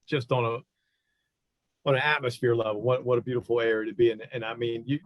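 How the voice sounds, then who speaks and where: A man's voice: mid-range voice, little pitch movement, fast talker, dry recording. Eager male podcast host. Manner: eager, stumbling reactions. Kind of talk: casual interview chat.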